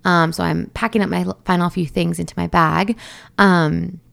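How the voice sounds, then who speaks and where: A woman's voice: lowish voice, steady tone, moderate pace, creaky, a bit bright. A young woman telling the story of her labor in a chatty, casual way, full of fillers, asides and laughs. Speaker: new mother telling her birth story.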